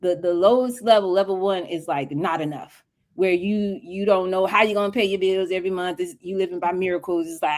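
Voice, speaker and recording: A woman's voice: lowish voice, a little fast, a little mellow. A woman speaking as a guest mentor on a livestream interview, talking in an emphatic, preachy, colloquial way over a video call.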